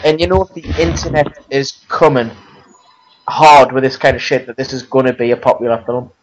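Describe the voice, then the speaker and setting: A man's voice: mid-range voice, fairly quick, muffled recording, a little hiss or hum. A man co-hosting a casual film chat, emphatic and often searching for words. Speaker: podcast co-host.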